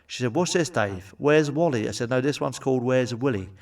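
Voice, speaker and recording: A man's voice: medium pitch, animated, a little fast, a little mellow, distant mic. A man doing crude stand-up comedy, blunt and sweary, with frequent asides to the audience. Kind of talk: crude stand-up joke telling.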